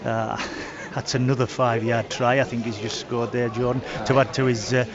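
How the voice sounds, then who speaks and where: A man in the co-commentator's seat, breaking down the play in a halting way full of pauses and restarts. His voice sits at an ordinary pitch. A stadium crowd is clearly heard behind the dull, lo-fi broadcast sound. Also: level tone. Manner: halting, many fillers and restarts. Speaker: expert co-commentator. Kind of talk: radio match analysis.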